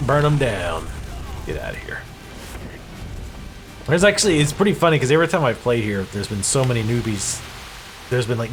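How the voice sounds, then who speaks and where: A man talks over his own gameplay in loose, casual commentary, cracking sarcastic jokes and swearing freely. His pitch is lively and moves around a lot. He sits at a medium pitch. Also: noisy background. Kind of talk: casual let's-play commentary.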